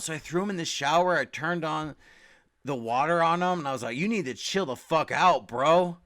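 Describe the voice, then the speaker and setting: A young man talking casually about comics, rambling, swearing freely and loudly acting out quotes. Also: fairly high pitch, normal speed. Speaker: comic book podcast host. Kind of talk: casual comic review rant.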